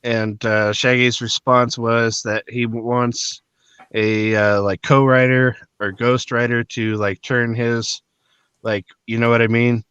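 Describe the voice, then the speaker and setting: Podcast co-host, man, rambling casual talker, smooth tone, dull lo-fi stream audio. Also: medium pitch, little pitch movement, slow pace, fairly bright tone, no room sound. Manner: rambling, profane, many fillers. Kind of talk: casual chat.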